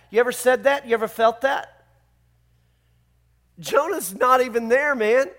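A man's voice: extremely high pitch, unhurried, pauses often, fairly bright tone. A man preaching a sermon as pastor, conversational and emphatic, full of rhetorical questions to his church.

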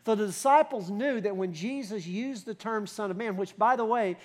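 Pastor, male, higher-pitched voice; conversational sermon, rhetorical questions, builds to emphasis. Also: normal speed.

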